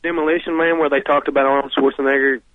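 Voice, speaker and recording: A man's voice: medium pitch, level tone, quick pace, slight background noise. A male caller from Arkansas, agitated and angry, talking in stumbling bursts. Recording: tinny phone line.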